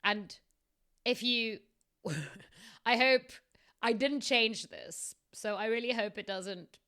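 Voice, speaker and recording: A woman's voice: on the high side, slow, pushed and bright. A woman with a South African accent, reading her own story aloud on a podcast and stopping often to chat and laugh. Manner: chatty, laughs often, breaks off to comment.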